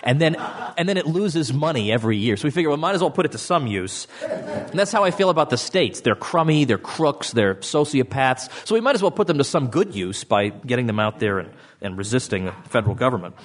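A middle-aged man giving a speech to an audience as an author, with a sardonic, mocking tone and sudden jumps in pitch. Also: sing-song, a little fast.

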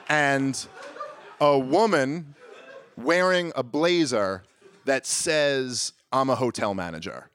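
A man doing stand-up, telling a story in an animated way and pushing his voice high and loud when he acts out his own exasperation. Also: a little hiss or hum. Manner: animated, climbs to near-shouting exasperation when acting out arguments. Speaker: stand-up comedian.

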